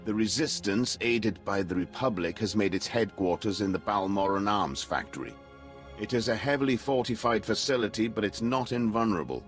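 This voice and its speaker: An actor playing a scheming male imperial official in a game, speaking formally and with smooth flattery. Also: fairly low pitch, fairly quick, faint music behind, lightly acted. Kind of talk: game dialogue.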